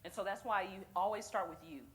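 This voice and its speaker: A woman leading a church group session, speaking in an animated, encouraging and direct way. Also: mid-range voice, quick pace, slight background noise. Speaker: session leader. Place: church meeting room.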